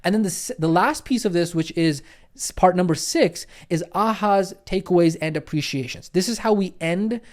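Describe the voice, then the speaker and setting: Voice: mid-range voice, moderate pace, darkish tone. Emphatic coaching trainer giving a lecture. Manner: emphatic, repeats key phrases, checks in with "right?" and "okay?".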